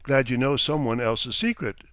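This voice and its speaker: A man voicing a drunk, bitter, distrustful rich merchant, loud and blustering. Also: medium pitch, normal speed, no room sound, natural voice. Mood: brooding. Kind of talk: audiobook character reading.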